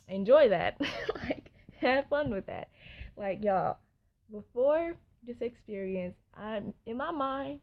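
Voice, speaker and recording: Chatty young woman telling a story. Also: mid-range voice. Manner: chatty, animated storytelling with laughs and asides to viewers. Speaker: vlogger. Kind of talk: storytime vlog. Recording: dull lo-fi sound.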